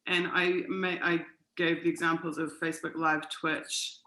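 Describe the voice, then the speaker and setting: A woman co-hosting a casual livestream and explaining things in a quick, chatty way. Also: deep voice, flat delivery, pushed and bright, roomy sound, low-quality recording. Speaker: co-host.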